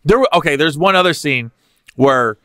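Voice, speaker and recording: Male comic host, lively and swinging in pitch, bright tone, dry close sound, profane. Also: normal speed, no echo. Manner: animated, profane, laughs at his own stories. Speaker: podcast host. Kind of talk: comedic podcast storytelling.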